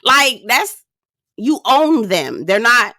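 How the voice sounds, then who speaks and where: A woman giving a sassy, animated recap and review of a reality dating show. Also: on the high side, slow pace, no room sound, studio quality. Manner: sassy, animated, drops into quoted voices. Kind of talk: casual commentary recap.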